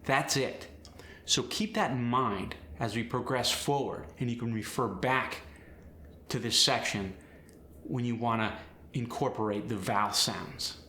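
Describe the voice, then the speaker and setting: A man coaching accents, explaining step by step in a clear, instructional way. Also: medium pitch, measured pace, bright, forceful tone, roomy sound. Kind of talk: instructional lesson.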